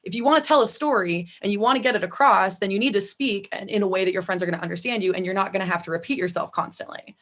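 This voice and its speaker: A woman's voice: mid-range voice, racing, hardly any pauses, fairly bright tone. A woman from the Chicago area with a Midwestern accent, chatting as a guest about singing, full of "like" fillers. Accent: Midwestern American. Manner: chatty, frequent "like" fillers, laughs easily. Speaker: vocalist guest. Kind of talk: casual interview chat.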